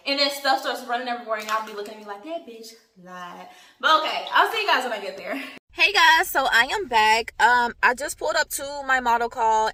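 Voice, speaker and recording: Young woman vlogger, bright and a bit high, chatty and direct with viewers, casting for a beauty channel. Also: dry recording. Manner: chatty, filler-heavy, addresses viewers directly. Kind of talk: casual vlog chat. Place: parked car.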